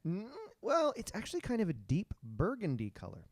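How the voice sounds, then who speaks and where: Playful podcast guy, kinda high voice, really bouncy, dry close mic. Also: huge pitch swings, fairly quick, slightly rough, dry recording. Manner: playful, jokey, breaks into silly sung bits. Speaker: podcast co-host presenting the topic. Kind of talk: casual comedic podcast chat.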